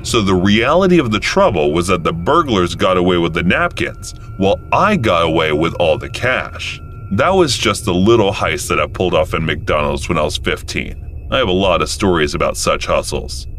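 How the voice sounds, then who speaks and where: A man narrating a first-person story in a calm, matter-of-fact way. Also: sits low, moderate pace, a little hiss or hum.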